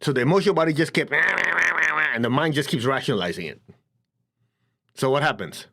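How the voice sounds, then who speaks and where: A man's voice: on the high side, animated, moderate pace, creaky, sharp tone. A man teaching a spiritual lecture to an audience, telling stories animatedly, acting out quoted voices and laughing often.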